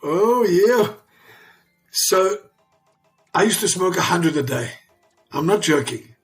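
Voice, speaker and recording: A man's voice: sits high, lively intonation, slow pace, faint music behind. A man in his sixties, an interview guest, telling personal stories emphatically and repeating himself for weight. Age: 60s. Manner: emphatic and repetitive, restarts sentences. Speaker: interview guest, father of a champion. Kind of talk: emotional storytelling in conversation.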